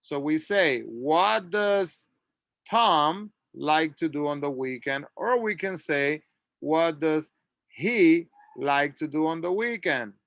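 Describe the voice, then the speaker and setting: Slow, bright-voiced man teaching English. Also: on the high side, animated, no echo, studio quality. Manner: patient, drills words and asks listeners to repeat. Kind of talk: slow repeat-after-me English lesson.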